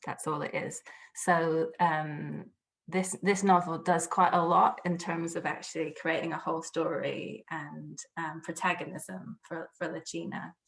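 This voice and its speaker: A woman's voice: sits low, little pitch movement, unhurried, creaky, fairly bright tone. A woman, an academic translator, talking casually in an interview, chatty with many restarts. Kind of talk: conversational interview answer.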